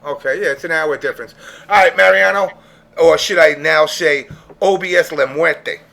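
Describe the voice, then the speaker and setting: A man hosting a podcast group call, loud, joking and profane in casual chat. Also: on the high side, moderate pace, vocal fry. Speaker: podcast host.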